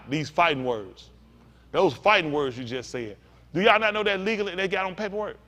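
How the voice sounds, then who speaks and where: A man's voice: high voice, a little fast, sharp tone. A male pastor teaching a sermon in a conversational storytelling way, talking straight to the congregation.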